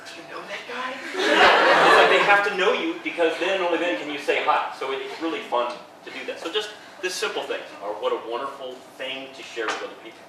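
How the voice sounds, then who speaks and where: A man giving an informal, enthusiastic lecture to students as a professor, upbeat and quick to laugh. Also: fairly high pitch, expressive. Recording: echoey hall, distant mic, background noise.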